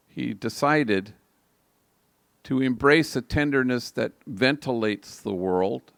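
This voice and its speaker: A man's voice: mid-range voice, no room sound, studio quality. An older man, a priest, telling a story in a reflective homily at a live liturgy. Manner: slow, reflective, gravelly delivery.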